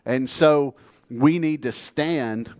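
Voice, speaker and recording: A man's voice: medium pitch, slow, darkish tone. A man from the United States preaching a sermon, telling a story in a plainspoken, earnest way and calling the congregation to say amen. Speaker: pastor.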